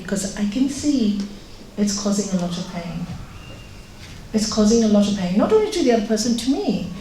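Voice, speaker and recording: A woman's voice: mid-range voice, expressive, normal speed, mellow. A woman giving an informal spiritual talk to an audience. She speaks earnestly and directly, often asking her listeners questions. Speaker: spiritual teacher. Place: yoga centre room with an audience. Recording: roomy, distant mic with faint noise.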